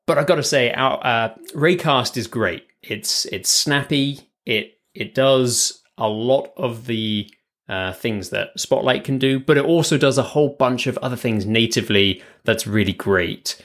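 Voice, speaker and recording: A man from the south of England with a southern English accent, co-hosting a casual tech chat over a remote call, chatty and quick to laugh, often correcting himself. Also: mid-range voice, a bit bright. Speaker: podcast co-host. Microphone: remote call mic.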